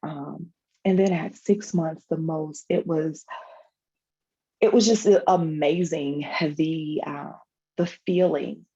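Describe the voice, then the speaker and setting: Low gravelly woman over a dull video call. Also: steady tone, slow, dark tone. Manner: emotional, reflective, many fillers and restarts. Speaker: guest, foundation founder. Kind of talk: personal storytelling in a panel conversation.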